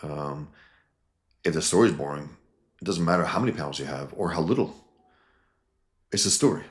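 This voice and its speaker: A man's voice: a bass voice, moderate pace. A man reviewing a comic book in casual video chat, blunt and opinionated, with lots of ums.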